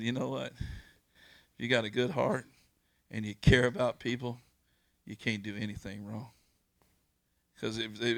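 In an informal sermon, a man recounts something from his own life, his mid-range voice gravelly and earnest with a folksy touch. He often repeats words and starts over, and the audio has no room sound.

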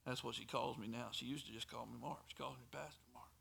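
A man preaching a sermon in a church, telling a story and building to shouted pleas. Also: mid-range voice, fairly even intonation, fast talker, vocal fry, slight background noise. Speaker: pastor.

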